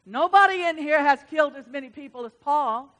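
A woman pastor preaching a sermon in a church, swinging from hushed storytelling to loud exhortation. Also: sits high, expressive, a little fast. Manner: dramatic swings from hushed to loud, retelling stories. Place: church sanctuary.

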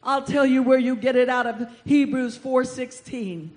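Woman pastor, fervent call-and-response preacher, high pitch. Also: unhurried. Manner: fervent, building to shouts. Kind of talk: sermon.

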